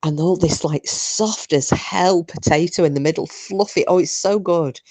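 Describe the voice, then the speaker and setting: A woman's voice: fairly low pitch, normal speed, a little mellow. A woman hosting a live chat with viewers, talking bluntly and casually, swearing freely. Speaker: livestream host chatting with viewers.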